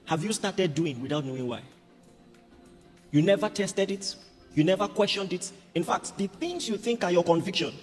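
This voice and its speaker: A man preaching a sermon as a pastor, animated and humorous. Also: sits high. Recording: reverberant hall with music behind.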